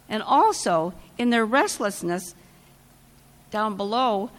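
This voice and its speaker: A woman preaching a sermon, retelling scripture in a measured storytelling manner with dramatic pauses. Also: a little high, a bit bright. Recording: long church reverb.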